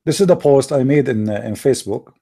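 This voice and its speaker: A man hosting his channel in polemical talk, slow, emphatic and scornful. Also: medium pitch, animated, warm tone. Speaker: channel host.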